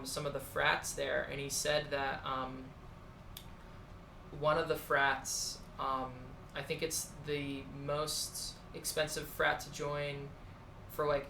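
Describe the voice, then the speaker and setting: A man's voice: on the high side, vocal fry, bright, forceful tone. A man co-hosting a podcast, blunt and offhand in casual conversation. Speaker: podcast co-host. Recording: echoey room, faint background noise.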